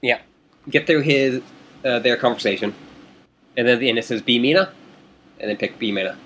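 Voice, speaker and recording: A man's voice: medium pitch, a little fast, a bit bright, slight background noise. A man chatting casually through a game playthrough, guiding his partner and swearing now and then. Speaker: gamer.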